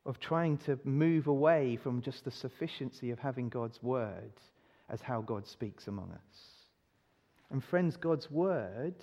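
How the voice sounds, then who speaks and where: A man's voice: mid-range voice, warm tone. A male preacher giving a sermon, emphatic, often putting rhetorical questions to his listeners. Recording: dull recording in a reverberant hall.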